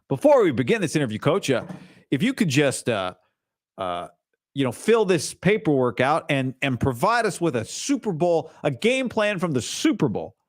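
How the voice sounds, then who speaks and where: A man's voice: medium pitch, no room sound, clean studio sound, lightly acted. A man putting on a Southern accent to play an overly polite male team executive in a sarcastic bit. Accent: Southern US (put on). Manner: mock-courteous, sarcastic.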